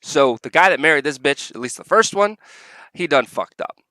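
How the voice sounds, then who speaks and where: A man's voice: fairly high pitch, lively intonation, normal speed, sharp tone, no echo. Profane, angry man ranting. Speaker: vlogger. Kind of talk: reaction rant.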